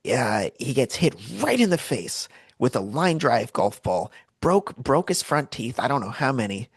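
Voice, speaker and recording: A man's voice: medium pitch, measured pace, slightly rough, dry recording. A middle-aged man co-hosting a podcast, telling a story in casual chat and acting out the voices of the people in it. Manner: animated storyteller, acts out voices in quotes. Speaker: podcast co-host.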